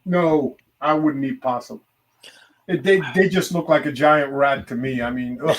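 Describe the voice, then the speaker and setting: A man chatting with a friend, telling stories in an animated way and stretching words for effect. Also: mid-range voice, a little slow. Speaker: friend calling in. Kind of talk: casual chat.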